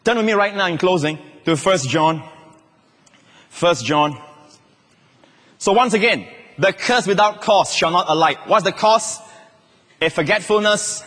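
A male pastor preaching a sermon to a church, dropping at times into soft, slow, hushed repetitions. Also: sits high. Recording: long reverb of a large hall.

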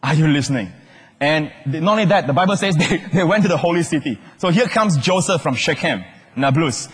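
Animated preacher man, husky voice. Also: fairly high pitch, a little fast. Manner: animated, calls out questions and shouts key words. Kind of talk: sermon. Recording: long hall reverb.

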